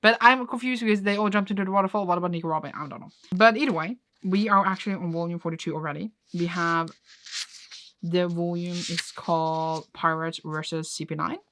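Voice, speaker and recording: A woman's voice: on the low side, a little fast, a bit bright, a little hiss or hum. A young woman chatting casually as she recaps a comic she is reading, laughing often and filling with "like". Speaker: reading vlogger.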